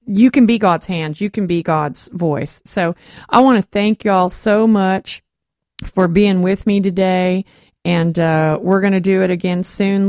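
Lively woman telling a testimony. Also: mid-range voice, dry recording. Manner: lively storyteller, acts out quoted voices. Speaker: host of a Christian talk show. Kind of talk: faith testimony storytelling.

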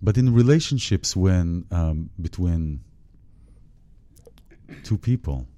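Host, male, very deep and very dark tone, halting, reflective delivery. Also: lively intonation. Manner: halting, searching for words with many restarts. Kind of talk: spiritual conversation.

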